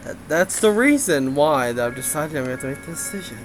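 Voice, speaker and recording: A man's voice: on the high side, lively intonation, quick pace, over music, low-quality recording. A man giving a casual game development update, rambling with lots of fillers and frequent laughs.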